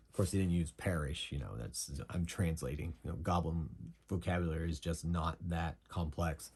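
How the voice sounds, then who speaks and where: Low husky man narrating a game. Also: normal speed, a little mellow. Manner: casual, thinking aloud with fillers. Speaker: game master playing solo. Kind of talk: narrating a solo tabletop game.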